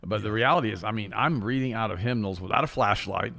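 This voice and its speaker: A man's voice: lowish voice, fast, creaky, sharp tone. An older man co-hosting a casual talk show, rambling through stories and repeating his words. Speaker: co-host.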